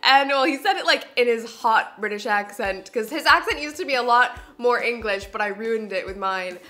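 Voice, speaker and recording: A woman's voice: fairly high pitch, normal speed. A young woman from Canada in her twenties, chatting to camera for her vlog and telling embarrassing stories with lots of giggles. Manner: giggly, animated storytelling. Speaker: beauty vlogger. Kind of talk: casual chat to camera.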